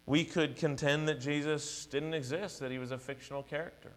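A man's voice: a little high, steady tone, a little fast, fairly bright tone. A male pastor preaching a sermon, earnest and emphatic, building repeated declarations.

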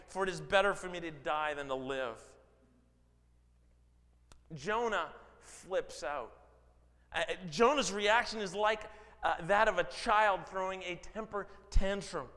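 A man preaching a sermon, dramatic, swinging from loud emphasis to low, quiet stretches. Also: unhurried. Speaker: pastor. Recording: long hall reverb.

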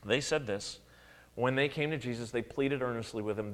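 A man preaching a sermon, his delivery swinging widely in pitch and loudness as he acts out quotes. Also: moderate pace, in a large hall. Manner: animated preaching with dramatic swings in pitch and volume, acted-out quotes. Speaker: pastor.

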